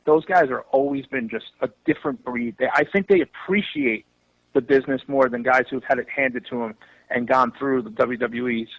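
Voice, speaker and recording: A man telling stories in a casual podcast chat, animated and loose, swearing freely as he goes. His voice sits at a middle pitch and sounds dry and close. The recording is a little dull and lo-fi. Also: normal speed, vocal fry, no room sound. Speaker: wrestling promoter guest.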